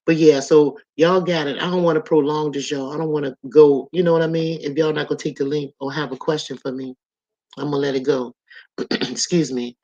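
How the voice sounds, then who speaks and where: A woman's voice: low voice, steady tone, brisk, dark tone, muffled recording. A woman in her sixties hosting a casual live stream, chatting loosely with viewers and reading their comments out as she goes. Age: 60s.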